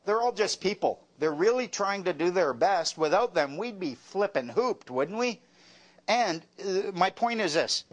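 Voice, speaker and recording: A man's voice: sits high, animated, unhurried. A man giving a talk, telling wry stories and dropping dry punchlines. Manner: wry, joking storyteller with a dry punchline delivery. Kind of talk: storytelling talk with jokes.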